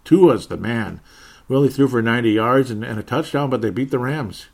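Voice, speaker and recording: A man talks through the week's football results on his own podcast, in an average-pitched voice. He rambles and turns sarcastic, sighing and chuckling between scores. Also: moderate pace, gravelly, darkish tone. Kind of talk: casual solo sports recap.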